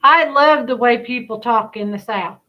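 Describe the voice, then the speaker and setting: A woman's voice: fairly high pitch, normal speed, highs cut off. A woman from Kansas hosting a casual commentary stream, chatty and folksy with laughing asides. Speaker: host.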